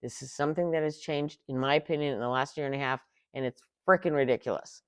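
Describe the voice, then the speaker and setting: A middle-aged woman hosting a tarot channel, ranting casually in an exasperated, animated way with sarcastic asides. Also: very deep voice, fast talker, smooth, no echo, clean studio sound. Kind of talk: casual rant.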